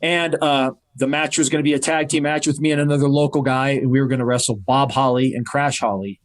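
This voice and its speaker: A man in his forties, a wrestler guest on a podcast, telling a story in lively casual chat and acting out the voices of the people in it. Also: mid-range voice, brisk. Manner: animated storyteller who acts out quoted voices.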